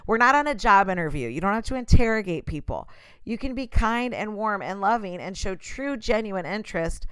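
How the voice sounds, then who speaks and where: A woman's voice: medium pitch, animated, brisk, fairly bright tone, smooth, dry recording. A woman giving a casual motivational talk straight to the listener, passionate and emphatic.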